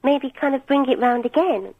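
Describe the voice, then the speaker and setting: Hesitant husky woman on a phone line. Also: high-pitched, moderate pace. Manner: hesitant, chatty storytelling with many ums. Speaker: caller. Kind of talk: phone-in call.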